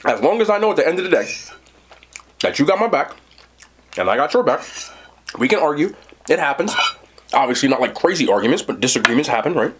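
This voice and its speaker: A man's voice: on the high side, fast talker, long pauses, a little hiss or hum. A man hosting an eating show, telling a story casually and talking straight to his viewers. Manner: animated, talks to viewers directly. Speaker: mukbang host. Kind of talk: casual storytelling to a live chat.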